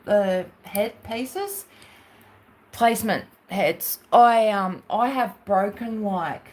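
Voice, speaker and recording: A woman's voice: medium pitch, very slow. A woman with an Australian accent who hosts a crafting livestream and chats casually to viewers, rambling through asides with many fillers.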